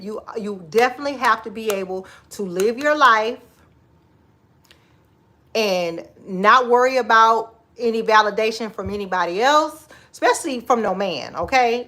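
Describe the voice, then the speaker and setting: A woman in her forties chatting casually on a livestream from her kitchen, sassy and expressive, laughing often and giving advice to viewers she calls girl and baby. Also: medium pitch. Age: 40s. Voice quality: expressive, laughs often, Southern Black American vernacular turns. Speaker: livestream host. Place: home kitchen.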